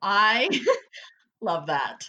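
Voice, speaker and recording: A woman co-hosting a casual chat, telling stories in an animated, profane way and acting out what people said. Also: mid-range voice, extremely slow, dull audio. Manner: animated, profane storyteller who acts out quotes.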